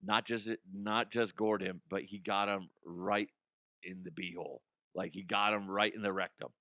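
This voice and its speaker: A man's voice: low voice, fairly even intonation, normal speed, bright, forceful tone, no echo, clean studio sound. A young adult man hosting a comedy news podcast, ranting casually with swearing, laughter and mocking put-on voices.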